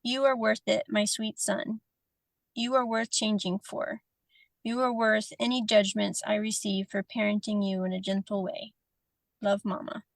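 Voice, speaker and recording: A woman's voice: mid-range voice, flat delivery, measured pace, creaky, dry recording. A woman reading aloud a tender personal letter as a podcast guest, emotional and often laughing, then chatting casually.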